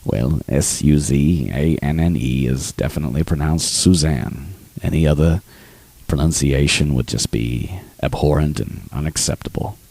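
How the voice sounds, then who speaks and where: A man doing a comic impression of an older, calm, dignified male film narrator in a radio studio, with a very deep, slow and measured voice. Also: vocal fry, dry recording, heavily acted. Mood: dry.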